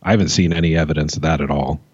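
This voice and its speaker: A man's voice: very deep voice, steady tone, rapid-fire, a little mellow, slightly rough, dry recording, highs cut off. A man co-hosting a podcast in casual chat, sarcastic and swearing freely. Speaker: podcast co-host.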